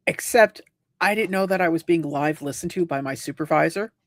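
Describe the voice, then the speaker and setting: A man's voice: a little high, fairly quick. A man hosting a casual livestream chat, telling long rambling stories and acting out the people in them. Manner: rambling storyteller, acts out quoted voices. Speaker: livestream host.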